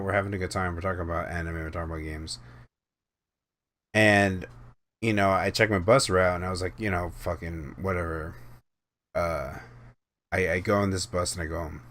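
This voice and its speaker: A man's voice: sits low, fairly bright tone. A young man chatting on a podcast, telling a rambling, profanity-laced anecdote in a casual way. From Houston area, USA. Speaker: podcast panelist. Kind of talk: casual storytelling chat.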